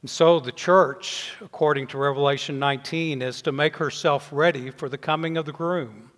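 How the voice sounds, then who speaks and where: An older man preaching a sermon, measured, letting his voice fall softly at the ends of phrases. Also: a little high, steady tone. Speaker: pastor. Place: church sanctuary. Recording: long reverb in a church hall.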